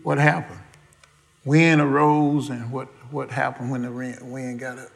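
A gravelly-voiced man preaches. He asks the congregation question after question and drops in folksy asides, using everyday dialect grammar. He keeps a slow, deliberate pace. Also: mid-range voice, level tone. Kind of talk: sermon.

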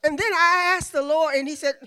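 A woman preaching a sermon in call-and-response, having the congregation repeat phrases, swinging from loud drawn-out exclamations to quick quiet asides. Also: high-pitched, steady tone.

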